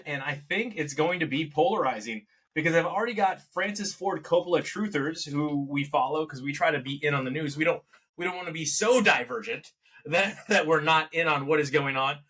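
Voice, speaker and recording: A man with a bright, forward voice, pitched a little high, co-hosting a casual movie review podcast. He talks in a rambling, animated way, restarting and correcting himself as he goes. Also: moderate pace, slight background noise. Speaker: podcast co-host.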